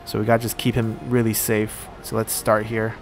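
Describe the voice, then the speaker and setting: A man giving casual let's-play commentary while he plays a strategy game, thinking aloud and pausing often on fillers. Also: fairly low pitch, completely flat delivery, soft background music. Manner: thinks aloud, halting with frequent "uh".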